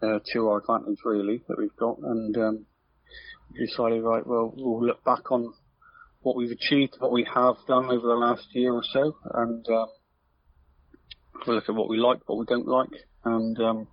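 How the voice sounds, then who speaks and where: A man's voice: mid-range voice, level tone, normal speed, dry recording. A man, a club's media manager, answering interview questions earnestly with many ums. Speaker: club media manager, guest. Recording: dry dull lo-fi sound.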